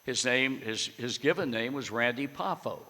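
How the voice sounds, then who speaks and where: A man's voice: mid-range voice, expressive, normal speed, bright, forceful tone, long reverb tail. An older man telling a blunt, salty anecdote to an audience as guest speaker. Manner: blunt, salty, wry storyteller.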